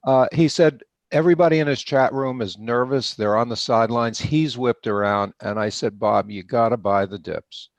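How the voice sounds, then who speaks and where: A man's voice: mid-range voice, moderate pace, few pauses, dry recording. An older man, stuffy from allergies, giving confident market views as a guest. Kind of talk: interview answers.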